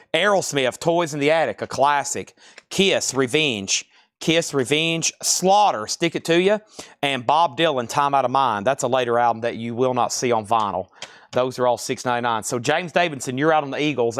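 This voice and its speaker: A man hosting a live-stream record sale, calling out titles, bids and prices in a steady stream. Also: mid-range voice, no room sound, clean studio sound. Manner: rapid-fire listing of items and prices. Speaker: live auction seller.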